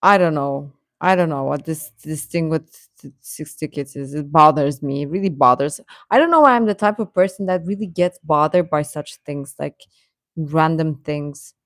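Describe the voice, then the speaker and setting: A woman's voice: sits low, moderate pace, dry recording, clean studio sound. A young woman casually chatting with viewers on a livestream, reading the chat, laughing often and ranting in exasperation.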